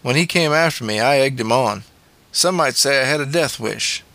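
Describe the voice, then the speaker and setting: A man's voice: medium pitch, normal speed, sharp tone, no room sound. A man narrating a memoir audiobook in a plain, matter-of-fact way.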